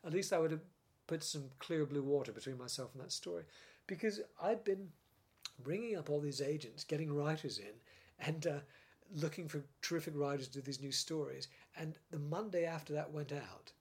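An older British man, a former script editor, telling stories in a casual interview with lively laughs and frequent restarts. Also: on the high side, brisk, husky. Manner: animated storyteller, laughs often, many restarts.

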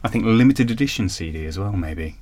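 Lower-pitched man, hesitant chat. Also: animated, a little fast, a little mellow, no echo. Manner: hesitant, many fillers and restarts. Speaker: guest producer. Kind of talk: casual chat over video call. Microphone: video call.

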